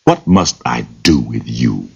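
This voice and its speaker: A man voicing a scheming, sly male fox in a told folktale, with a slow menacing drawl. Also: very deep voice, sing-song, vocal fry, breathy edge, voice pushed down, heavily acted. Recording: dull lo-fi recording.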